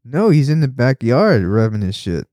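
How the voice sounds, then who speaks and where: A man's voice: mid-range voice, very animated, moderate pace, warm tone, dry recording, studio quality. A man hosting a casual podcast chat, rambling and swearing a lot, laughing often and getting worked up when he complains. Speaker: podcast host.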